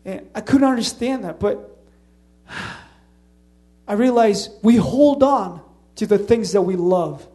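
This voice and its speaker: Earnest high-pitched male preacher, slight Slavic accent. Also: lively intonation, slow pace, pauses often, warm tone. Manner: earnest, repetitive restarts, conversational preaching. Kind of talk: sermon.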